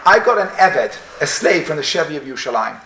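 A man's voice: fairly high pitch, big pitch swings, fast talker, pushed and bright, echoey room, slight background noise, heavily acted, rough recording. A man playing a bragging slave trader. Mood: boastful. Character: boastful male slave trader.

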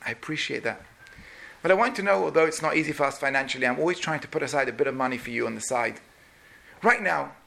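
A man's voice: mid-range voice, creaky. A man preaching a sermon, telling a story and acting out the voices of the people in it. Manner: animated, acts out each person's voice.

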